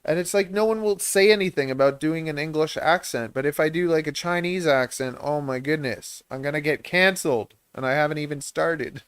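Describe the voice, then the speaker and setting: A man's voice: fairly high pitch, a little fast, few pauses, a bit bright, smooth, no room sound. A man hosting a livestream, chatting in a rambling, self-deprecating way and laughing often. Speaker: livestream host and reptile breeder.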